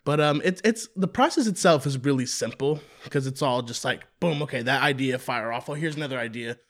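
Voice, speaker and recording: A man's voice: medium pitch, a little fast. Laid-back young man, lots of fillers. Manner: relaxed, many fillers like "you know what I mean". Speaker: rapper guest. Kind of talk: casual interview.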